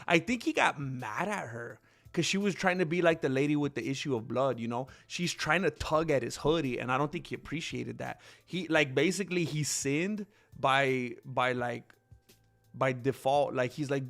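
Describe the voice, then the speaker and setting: A man's voice: medium pitch, moderate pace, fairly bright tone. A man hosting a casual livestream, rambling and talking back to chat comments. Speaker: channel host.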